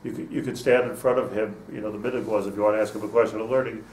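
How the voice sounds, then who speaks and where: A man's voice: on the low side, steady tone, rapid-fire, a little mellow, a little hiss or hum. A man, a rabbi, giving an informal class to students, chatty and restarting his phrases, with Hebrew terms mixed in. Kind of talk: informal Torah lecture. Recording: roomy echo, mic at a distance.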